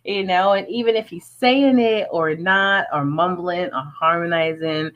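A woman's voice: lowish voice, measured pace, fairly bright tone, dull audio. A woman who is a music artist, talking in an earnest, chatty way with many fillers in a casual interview.

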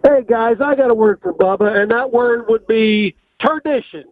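A man's voice: very high-pitched, normal speed, no echo. A man calling in to a radio show, making wisecracking remarks. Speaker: caller. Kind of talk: phone-in comment. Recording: tinny phone line.

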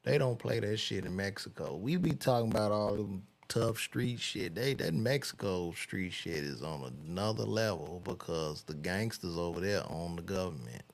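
A man's voice: sits low, moderate pace, few pauses. A man casually reading celebrity news aloud and reacting with loose, profane commentary while he browses.

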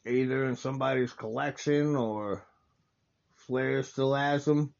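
A man's voice: medium pitch, fairly even intonation, measured pace, vocal fry, darkish tone, highs cut off. A man hosting a casual wrestling watch-along, talking over the match in a rambling, enthusiastic way and correcting himself often.

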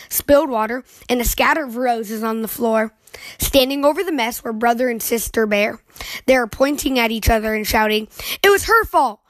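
A woman's voice: on the high side, no room sound. Woman reading a children's story aloud. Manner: expressive, lively reading. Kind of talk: reading a picture book aloud.

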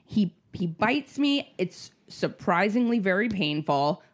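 A woman in casual chat, telling a story with lively acted-out quotes and frequent swearing. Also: medium pitch, slow pace. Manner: animated storytelling, acts out quotes, swears freely.

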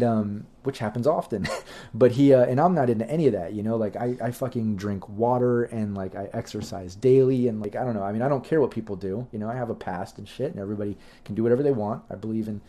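A man's voice: medium pitch, warm tone. A middle-aged man hosting a livestream, telling loose, profane stories in a chatty, rambling way with lots of fillers. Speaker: livestream host answering chat questions. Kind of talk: casual rambling storytelling.

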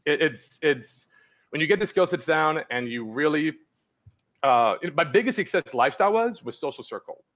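A man's voice: fairly high pitch, animated, moderate pace, a bit bright, dull audio. A man, a dating coach, talking candidly as a podcast guest and rambling through stories with many restarts. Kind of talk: casual podcast interview.

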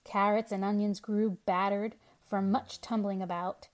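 A woman's voice: mid-range voice, level tone, unhurried. Woman reading a storybook aloud.

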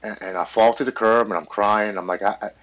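A man's voice: fairly low pitch, steady tone, fairly quick, fairly bright tone, highs cut off. A man in his forties, a podcast guest, earnestly telling his recovery story in a blunt, swearing, casual way.

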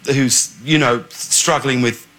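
A British man talking as an actor guest in a casual TV interview, halting with many fillers and self-mocking. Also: mid-range voice, fairly even intonation. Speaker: talk show guest, actor. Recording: played TV clip.

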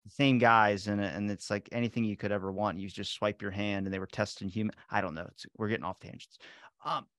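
A man's voice: lowish voice, steady tone, fast talker, a bit bright, no room sound, clean studio sound. A man hosting a podcast, chatting casually and wandering off on tangents. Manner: rambling, jumps between tangents. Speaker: podcast host. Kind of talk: casual conversational interview.

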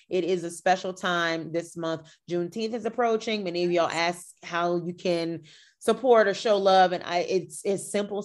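A woman hosting a podcast in casual chat, animated and playfully shady, acting out reactions. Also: on the low side. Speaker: podcast host.

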